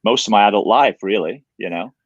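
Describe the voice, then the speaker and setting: A man in his forties from England with a Yorkshire-born English accent softened by a slight Canadian twang, telling stories as a guest in a casual livestream chat. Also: fairly low pitch, fairly quick, slightly rough, no room sound, lo-fi sound. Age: 40s. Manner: chatty, animated storyteller with many restarts.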